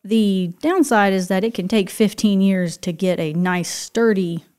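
A woman's voice: medium pitch, a little slow, a little mellow, clear, resonant tone. A woman co-hosting a podcast, explaining things in casual chat and affirming often. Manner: explanatory, chatty, many affirming yeses. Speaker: podcast co-host.

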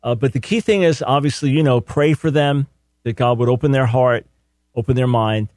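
A man's voice: medium pitch, normal speed, a little mellow, dry recording, clean studio sound. A man hosting a call-in radio show, talking earnestly and emphatically, often doubling words as he starts a thought.

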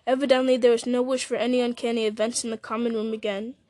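A woman reading a novel aloud, steady, with small slips and restarts. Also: fairly high pitch, fast, no echo. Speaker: audiobook reader.

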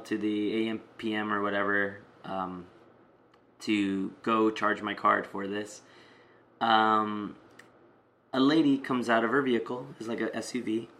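A man's voice: on the low side, pushed and bright. A man casually telling a personal story, rambling with many fillers and restarts.

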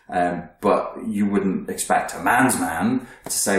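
A man's voice: low-pitched, a little slow, hardly any pauses. A man coaching listeners on their emotions in a blunt, profane, emphatic self-help monologue. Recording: very echoey room.

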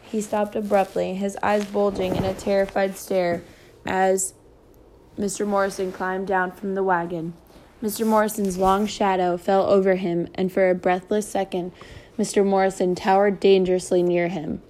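Woman reading a novel aloud, flat and steady. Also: mid-range voice, normal speed, a little hiss or hum. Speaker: reader.

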